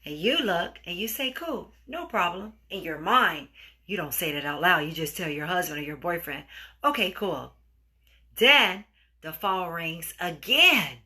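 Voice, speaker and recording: Brief: woman podcast host, lively swooping delivery, bright tone, acts out voices. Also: fairly low pitch, normal speed, breathy edge. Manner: animated, acts out dialogue with sound effects. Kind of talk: storytelling relationship advice.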